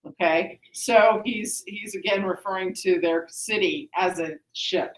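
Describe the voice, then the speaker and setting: A woman's voice: mid-range voice, measured pace. A woman teacher explaining a play to students in a classroom, often checking with "okay?". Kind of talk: classroom lesson. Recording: echoey classroom.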